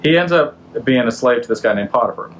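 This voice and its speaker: A man's voice: medium pitch, animated, fast, slight background noise, low-quality recording. Offhand, slangy male storyteller. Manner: slangy, offhand retelling with rhetorical questions. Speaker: podcast host. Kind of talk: casual storytelling.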